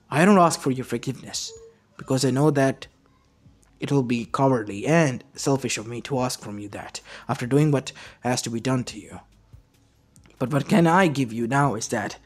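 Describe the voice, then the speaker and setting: Man doing an earnest, remorseful scientist uncle, quiet and low-key, mid pitch, soft music behind. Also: moderate pace, close to an everyday voice. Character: guilt-ridden male scientist uncle, earnest and intense. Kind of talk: fan story narration. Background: faint lo-fi music.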